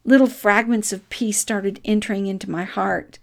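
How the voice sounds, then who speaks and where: Middle-aged woman talking slow and earnest, soft devotional voice, lots of pauses. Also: mid-range voice, fairly even intonation, creaky. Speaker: speaker giving a devotional. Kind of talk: reflective devotional talk.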